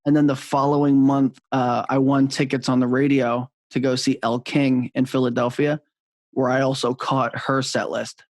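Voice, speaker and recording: A man who works as a radio on-air personality, telling concert anecdotes in relaxed podcast chat and laughing easily. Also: mid-range voice, moderate pace, no echo.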